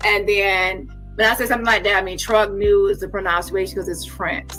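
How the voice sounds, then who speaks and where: A woman's voice: medium pitch, steady tone, fairly quick, pushed and bright, faint music behind. A woman hosting a casual livestream chat, rambling and tagging her points with "okay?" and "child". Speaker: livestream host.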